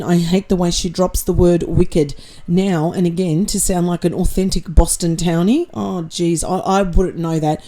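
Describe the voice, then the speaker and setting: A woman's voice: medium pitch, warm tone. A woman hosting her channel, reading out viewer comments and answering them bluntly, with sarcasm and swearing. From Australia. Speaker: channel host reading chat.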